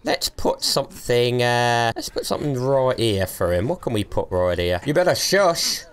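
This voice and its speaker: A young man streams a survival game and talks over it, cheeky and taunting. His pitch leaps around constantly, and he laughs often between his jibes. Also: big pitch swings, normal speed. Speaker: gaming streamer. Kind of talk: let's play commentary.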